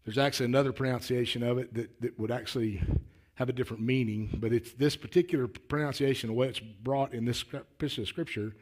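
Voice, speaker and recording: A man preaching a sermon in a folksy, earnest way, often repeating words as he starts a thought and building to louder, emphatic declarations. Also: medium pitch, fairly even intonation, fast. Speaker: lay preacher.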